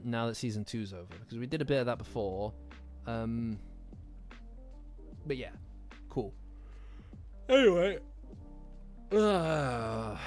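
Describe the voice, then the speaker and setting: Tired, rambling male channel host. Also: mid-range voice. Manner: rambling, restarts often, yawning and joking with viewers. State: tired, yawning late at night. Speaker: anime and manga commentary channel host. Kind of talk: casual chat to viewers. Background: lo-fi background music.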